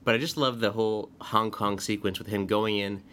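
A man's voice: fairly low pitch, steady tone, brisk, bright, forceful tone. A man casually discussing a movie as a podcast co-host, chatty and talkative. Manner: chatty, quotes scenes with put-on voices. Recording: faint background noise.

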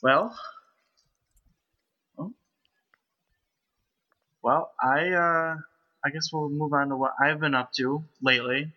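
A man's voice: on the high side, steady tone, slow, long pauses. A man hosting a casual podcast chat, speaking hesitantly with frequent restarts. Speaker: podcast host. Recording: lo-fi home mic.

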